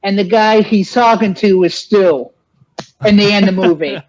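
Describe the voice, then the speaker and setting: A man's voice: sits high, normal speed, a little mellow. A man guesting in a casual movie chat, rambling through ideas and laughing at them. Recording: dull, lo-fi sound.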